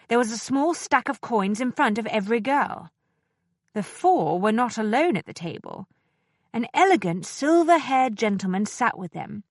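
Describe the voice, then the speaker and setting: Reading an audiobook, this fairly high-pitched female narrator keeps her storytelling expressive yet measured. The sound is studio-grade and dry.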